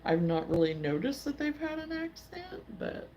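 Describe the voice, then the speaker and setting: A woman hosting a crafting livestream, chatting casually and in a halting way as she replies to viewer comments. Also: high-pitched, big pitch swings, muffled recording, a little hiss or hum. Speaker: livestream host. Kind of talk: casual chat while crocheting.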